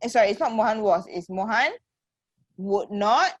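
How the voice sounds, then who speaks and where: A woman's voice: medium pitch, lively intonation, moderate pace, no echo. A woman with a Singaporean accent teaching an online English class on a computer mic. She encourages her students, calls them sweetheart, and keeps checking in with "okay" and "right?".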